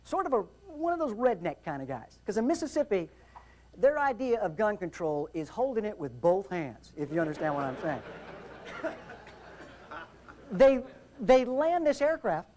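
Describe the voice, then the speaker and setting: A man giving a humorous aviation safety talk, telling anecdotes in an animated, theatrical way with jokes. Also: high voice, normal speed, pauses often. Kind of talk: humorous storytelling seminar talk.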